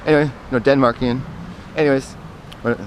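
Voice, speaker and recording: A man's voice: medium pitch, fairly even intonation, a little fast. A man telling personal stories in a casual, meandering monologue, often correcting himself and drifting into asides. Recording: outdoor traffic noise.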